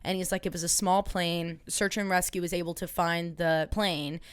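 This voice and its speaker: Woman, podcast co-host, casual chat, low pitch, swears often, plays out quotes, dry close sound. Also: flat delivery, normal speed, smooth, dry recording. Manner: chatty storyteller, swears freely, acts out quoted people.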